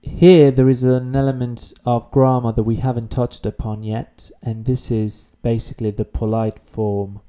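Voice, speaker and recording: Man, language teacher, very dark mellow tone, patient explaining style for a beginner video lesson. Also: mid-range voice, level tone, clean tone. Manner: explanatory, repeats key words slowly.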